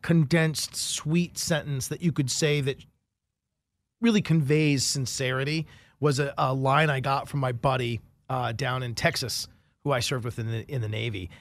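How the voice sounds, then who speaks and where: A man's voice: medium pitch, moderate pace. A man hosting a casual interview, asking long, conversational questions full of fillers. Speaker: podcast host interviewer.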